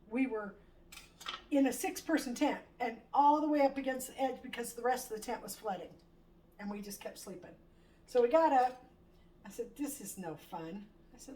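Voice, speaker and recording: A middle-aged woman chatting casually in her home kitchen while she cooks, telling a story with animated quoted lines and the odd swear. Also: a little high. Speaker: home cooking vlogger. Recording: distant mic, faint room noise.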